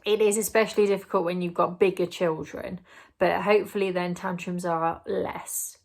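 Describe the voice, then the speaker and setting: A woman's voice: lowish voice, fairly even intonation, moderate pace, gravelly. A woman giving earnest, explanatory parenting advice to camera, sometimes acting out what a parent or child might say. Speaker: parenting vlogger.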